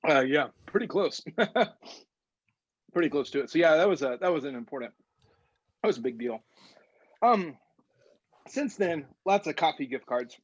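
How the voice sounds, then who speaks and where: A man with a husky, slightly high voice chats on a podcast while his throat burns from a scorching chip. He clears his throat and laughs through halting sentences, his pitch bouncing around. The sound is dull and dry. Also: expressive. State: throat burning from a very hot chip, clearing throat and coughing. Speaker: podcast co-host, pastor. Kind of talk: casual podcast chat.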